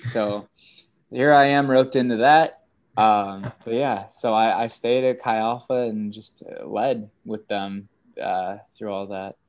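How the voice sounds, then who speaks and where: A young man in his twenties, a student guest in a casual chat, telling stories with animated put-on voices for quotes. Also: lowish voice, takes it slowly, clean tone. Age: 20s.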